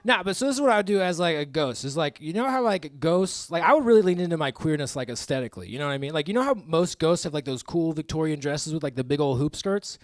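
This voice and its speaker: A man in his thirties doing live stand-up comedy on a club stage, crude and self-mocking, with quick asides to the crowd. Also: a little high, animated, no echo, studio quality. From American Midwest.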